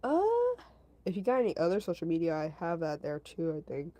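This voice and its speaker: A woman's voice: on the low side, lively intonation, fairly quick, warm tone, poor audio. A woman casually telling a story to her stream chat, rambling, repeating herself and padding her talk with fillers. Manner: talks to her chat between story parts.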